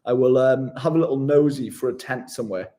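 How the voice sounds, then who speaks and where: In a brisk, dark-toned, mid-range voice, a male travel vlogger hangs out with his livestream viewers in casual chat. He's upbeat and friendly, addressing them as "mate" while streaming his travels live.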